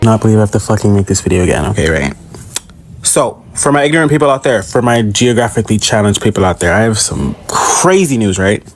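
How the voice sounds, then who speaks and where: A man's voice: lively intonation, fast, slight background noise. A man from Jamaica with a Jamaican accent, ranting in a profane, exasperated reaction video. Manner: exasperated, profane, swings pitch for emphasis.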